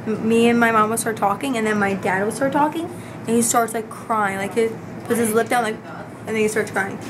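Hoarse-voiced young mom vlogger, chatty, rambling, high-pitched, handheld camera at home. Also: female voice, fairly even intonation, fairly quick, background noise. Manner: chatty and rambling, with many asides. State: hoarse, losing her voice. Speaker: family vlogger, mother of a baby. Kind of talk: casual vlog chat to camera.

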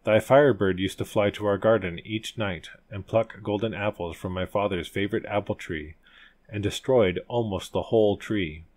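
A man's voice: fairly low pitch, normal speed, a little mellow, close to an everyday voice. A man voicing an earnest young prince who explains himself in archaic storybook phrases.

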